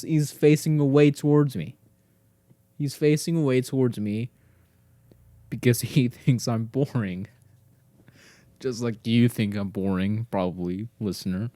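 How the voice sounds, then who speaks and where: A young man hosting a solo podcast, talking slowly in a dark, mellow voice. He rambles and swears at his dog, sometimes slipping into a whisper. The sound is dry and close to the mic. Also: mid-range voice, dry recording. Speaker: podcast host.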